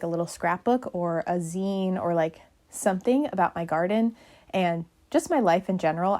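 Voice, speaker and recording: A woman's voice: lowish voice, darkish tone. A young woman vlogger narrating casually, chatty and rambling with a self-deprecating streak.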